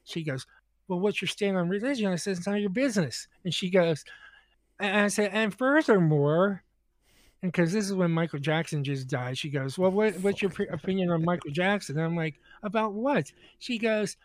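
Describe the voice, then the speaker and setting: A man on a comedy podcast telling a long anecdote in a halting, rambling way, full of restarts and acting out both sides of each conversation. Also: high voice, dry recording. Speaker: podcast co-host. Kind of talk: casual comedic storytelling.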